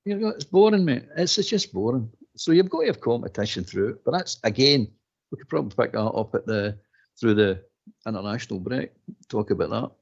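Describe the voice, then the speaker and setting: An animated man talking football in casual chat. He repeats himself and laughs through his sentences. His voice sits in a middle range, and the stream audio sounds dull and lo-fi. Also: medium pitch, a little fast, gravelly, breathy edge.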